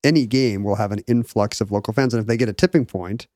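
Casting: man, deadpan quips, mid pitch, dry close sound. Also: quick pace, no echo. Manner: dry wisecracking asides. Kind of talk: casual chat.

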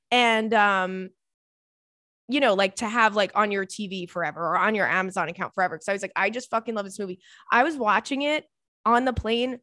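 A woman's voice: medium pitch, fairly bright tone, no room sound, clean studio sound. A young woman hosting a podcast, chatting casually in a rambling, gushing way and swearing freely. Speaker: podcast host. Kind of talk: casual chat.

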